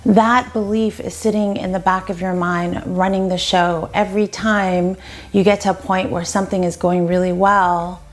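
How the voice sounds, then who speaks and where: A woman dating coach giving advice straight to the viewer in a gentle, encouraging way. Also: mid-range voice. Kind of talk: advice talk to camera.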